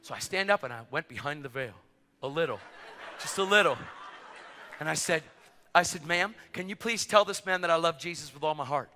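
Male preacher, middle-aged, high voice, very bright and sharp, excitable storytelling, long hall reverb. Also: fast talker. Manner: excitable, acts out dialogue, rising to shouts. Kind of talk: sermon storytelling.

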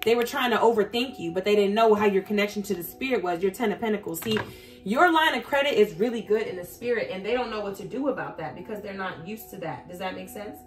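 A tarot reader gives a casual reading, speaking bluntly and profanely straight to her viewers and growing heated and emphatic as she goes. Her voice is medium-pitched with lively intonation and a quick pace. Faint music plays in the background.

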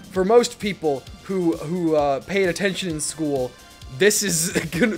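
A young man commenting casually on a video game, laughing, joking at himself and swearing. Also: fairly high pitch. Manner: laughing, self-mocking, swearing. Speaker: gaming streamer. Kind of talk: casual let's play commentary.

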